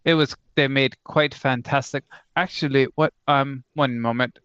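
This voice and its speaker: A man voicing a smooth, sinister male tower patron who sips wine, speaking with a halting put-on accent. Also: mid-range voice, steady tone, fairly bright tone, dry recording, dull audio, lightly acted. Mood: scheming.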